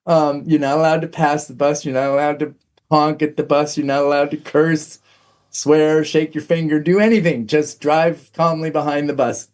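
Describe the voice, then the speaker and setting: A man's voice: a little high, steady tone, moderate pace, a little mellow. A middle-aged man, a podcast guest, telling a personal story candidly, frank and self-mocking, with plenty of "um"s.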